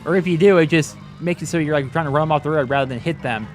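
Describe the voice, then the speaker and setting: This gaming channel host delivers casual let's-play commentary, rambling and chatty, frequently exclaiming at the game as he plays. His voice sits fairly high and moves very fast, with faint music in the background.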